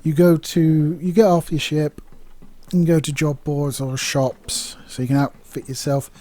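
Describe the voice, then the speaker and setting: Man, casual game review, chatty, rambling, mellow tone. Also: fairly high pitch, flat delivery, measured pace. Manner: candid, chatty, rambling with fillers.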